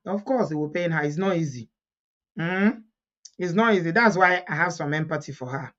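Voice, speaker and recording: Animated Nigerian woman reading comments. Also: on the low side, moderate pace, lo-fi sound. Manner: animated, laughs often, reads comments aloud. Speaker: commentary vlogger. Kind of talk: casual gossip commentary.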